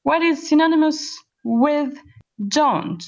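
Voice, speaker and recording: A woman teaching an online class, asking questions patiently and spelling words out slowly. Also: high-pitched. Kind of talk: online class explaining a play. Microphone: computer voice call. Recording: lo-fi voice-call audio.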